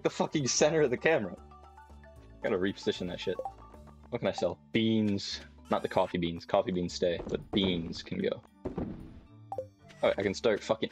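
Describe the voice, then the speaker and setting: Young man, low voice, profane, rambling, faint background music. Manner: profane, rambling, talks to himself. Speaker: streamer. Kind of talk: casual gameplay commentary. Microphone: desk mic with webcam.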